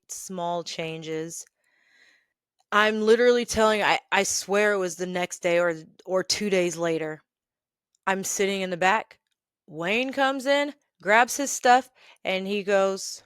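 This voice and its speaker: A woman hosting a podcast, telling a workplace story in an animated, exasperated way and laughing now and then. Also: mid-range voice, takes it slowly, clean tone, dry recording, studio quality. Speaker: podcast host. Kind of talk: storytelling rant.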